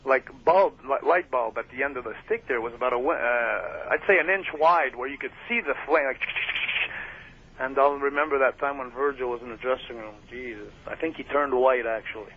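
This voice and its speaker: In a casual storytelling interview, a man with a medium-pitched voice talks a little fast, rambling through wrestling stories packed with fillers and laughter. It comes across as a muffled radio broadcast with faint hiss.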